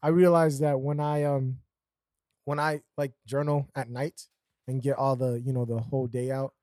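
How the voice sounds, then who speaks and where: A man's voice: mid-range voice, flat delivery, normal speed, mellow, no room sound, studio quality. A man co-hosting a podcast in casual chat, rambling with fillers and laughing often. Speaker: podcast co-host.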